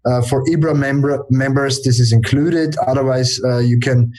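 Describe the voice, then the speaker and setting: A man's voice: medium pitch, steady tone, normal speed, a little mellow. A man from Austria, an English speaker, answering interview questions hesitantly. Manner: hesitant, with frequent fillers. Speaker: guest, journal editor.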